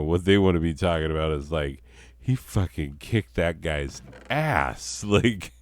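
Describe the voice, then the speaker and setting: A stoned young man tells a story while he games, and his low voice drags along slowly. His talk is rambling and profane and full of fillers. The sound is dry, from a desk mic. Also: a little mellow, dry recording. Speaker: comedy storyteller and gamer.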